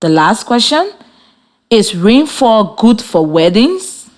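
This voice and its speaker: A woman radio teacher talks slowly and deliberately. Her pitch moves a lot as she encourages young listeners. She gives each instruction one step at a time. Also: sing-song. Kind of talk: radio classroom lesson.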